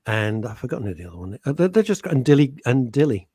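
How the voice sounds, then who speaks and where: Lively, teasing British man on radio. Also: medium pitch, fast, slightly rough, dry recording. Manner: chatty, teasing, animated. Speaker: radio host. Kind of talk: casual radio chat. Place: radio studio. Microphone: studio microphone.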